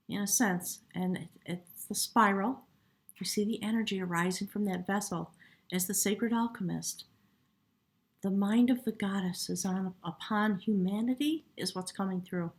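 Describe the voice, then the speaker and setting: A woman giving a spiritual tarot reading in a soft, reverent way, sometimes dropping to a hush and getting choked up. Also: mid-range voice. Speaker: tarot reader.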